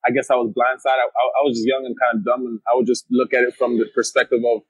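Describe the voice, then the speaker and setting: Brief: young Toronto battle rapper, quick husky delivery, blunt street slang, dry close sound. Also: male voice, mid-range voice, little pitch movement, dry recording, poor audio. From Canada. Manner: streetwise, blunt, frequent slang and "you know what I mean". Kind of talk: casual interview talk.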